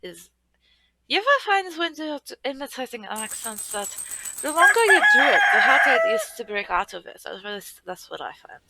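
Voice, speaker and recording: A woman streamer chats casually over her game in a put-on, exaggerated German accent, phrasing things stiffly and formally. Her voice has a gravelly vocal fry, and a steady background hiss sits under the noisy home mic. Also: a little high, moderate pace. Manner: formal, slightly stilted phrasing. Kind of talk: casual chat while gaming.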